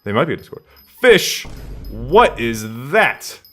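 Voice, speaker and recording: A man's voice: mid-range voice, very animated, normal speed, a bit bright, husky, faint music behind. A man streaming a game live from his room at home, rambling casually and answering chat questions aloud.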